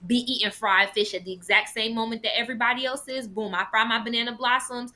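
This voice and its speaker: A woman with a bright, clear, slightly higher voice chats casually on a talk show. She tells her stories in an animated, playful way and now and then drops into put-on voices for fun. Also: fast. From Jamaican heritage. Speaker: vegan talk show co-host. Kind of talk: casual chat.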